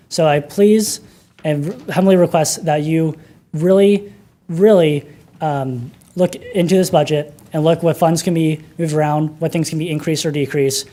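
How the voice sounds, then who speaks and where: A man addressing a county commission from the podium, his voice mellow and soft-edged. He speaks earnestly but haltingly, filling gaps with hesitant pauses as he pleads his case. The sound is a public meeting room picked up by a podium mic. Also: a little high. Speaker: public commenter. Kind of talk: public comment at a budget hearing.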